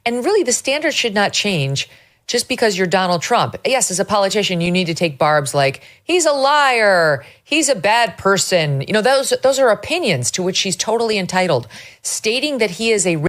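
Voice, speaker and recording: A woman's voice: mid-range voice, sing-song, fairly quick. A woman hosting a political talk show, arguing in a wry, conversational way. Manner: wry, argumentative, with light laughs. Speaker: show host.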